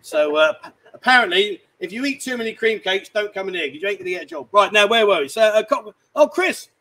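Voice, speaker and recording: A man's voice: high voice, expressive, quick pace, pushed and bright, poor audio. A man hosting a livestream from a bar, chatting casually, teasing and rambling. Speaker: livestream host. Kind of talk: casual banter. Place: bar, indoors.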